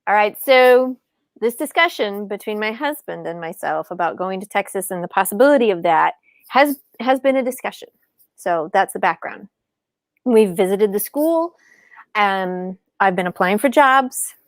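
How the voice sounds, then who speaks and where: A middle-aged woman telling her story in an animated, casual way as an interview guest, acting out quoted lines in a higher voice. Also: moderate pace, no room sound, clean studio sound. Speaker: podcast guest, author and speaker.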